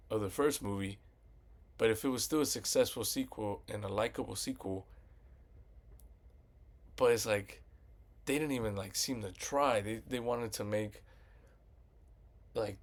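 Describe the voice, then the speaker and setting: A man casually ranting about a movie sequel, rambling and swearing as he retells scenes. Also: lowish voice. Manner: profane, rambling, retells scenes with quoted voices. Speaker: movie commentary vlogger.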